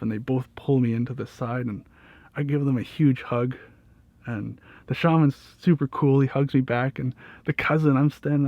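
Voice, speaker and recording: Gravelly young man rambling through a story. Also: medium pitch, no echo. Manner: rambling, with frequent fillers, swearing and laughter. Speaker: vlogger telling a personal story. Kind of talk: casual storytelling. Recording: dull, dry lo-fi audio.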